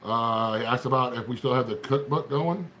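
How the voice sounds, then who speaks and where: A middle-aged Appalachian Ohio man hosts a casual livestream, his Appalachian accent warm and folksy as he rambles and greets viewers by name. His mid-range voice has a fairly bright tone at a moderate pace, with slight background noise.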